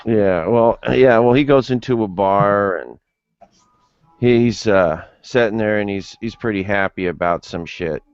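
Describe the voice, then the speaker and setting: Man with a smooth voice, swearing through a joke. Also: on the low side, unhurried, no room sound. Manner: profane, rambling joke-teller. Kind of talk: casual livestream chat. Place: home livestream. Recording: lo-fi livestream audio.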